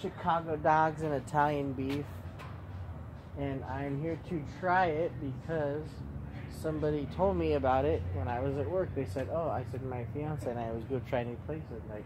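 A man's voice: on the high side, steady tone, moderate pace. Playful man vlogging outside by traffic. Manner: playful, joking, chatty. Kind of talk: casual vlog narration. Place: outdoors at a small street food stand by traffic. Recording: outdoor traffic noise.

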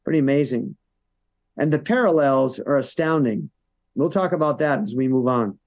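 A man's voice: medium pitch, expressive, moderate pace, lo-fi sound. A man preaching a sermon as a church elder, reading scripture aloud and then retelling it in everyday words with frequent "no?" and "you know". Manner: reads scripture then retells it in plain words, tag questions.

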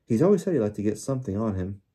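A wary teenage boy wizard, voiced by a man reading aloud, plain and direct in his speech. The tone is low and dark, with a husky, breathy grain. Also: sing-song, very fast. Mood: calm. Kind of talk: audiobook character voice.

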